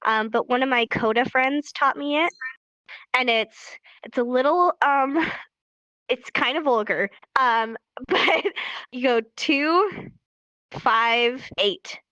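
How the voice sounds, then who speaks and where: A woman's voice: high voice, slow, bright, forceful tone, no echo, highs cut off. A young woman from California teaching sign language on a casual livestream, chatty and laughing often as she acts out examples.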